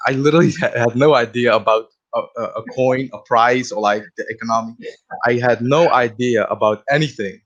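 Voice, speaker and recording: A man's voice: medium pitch, fairly even intonation, brisk. Chatty man with dull-sounding mic. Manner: chatty storyteller, filler words like "like". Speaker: podcast guest. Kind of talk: casual interview.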